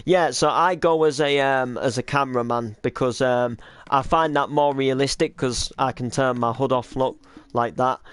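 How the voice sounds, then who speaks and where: Chatting casually, a man who makes and films a game roleplay series rambles with frequent hesitations and restarts. His mid-range voice is fairly bright, clear and resonant, with fairly even intonation at normal speed, in a dry recording.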